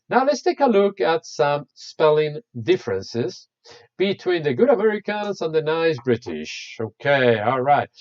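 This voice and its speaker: A man's voice: medium pitch, darkish tone, lo-fi sound. A male English teacher, a native Spanish speaker, leading a live online class in a chatty, encouraging way and calling on students by name.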